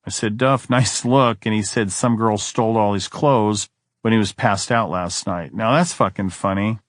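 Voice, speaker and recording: Low, dry-voiced man reading a diary. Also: normal speed, no echo. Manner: weary, brooding first-person reading. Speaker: audiobook narrator. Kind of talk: audiobook reading of diary entries.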